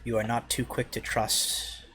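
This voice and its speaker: A man's voice: medium pitch, level tone, slight background noise. A man voicing a stern elf ranger leader. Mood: measured. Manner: measured, formal, quiet.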